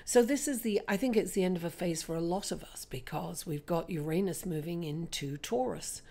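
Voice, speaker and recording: A woman with a raspy voice, hoarse from being ill, giving a chatty tarot reading and calling her listeners darling. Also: fairly low pitch, moderate pace, warm tone. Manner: chatty, calls listeners darling and guys, many fillers. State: hoarse from illness. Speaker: tarot reader. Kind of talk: casual tarot reading monologue.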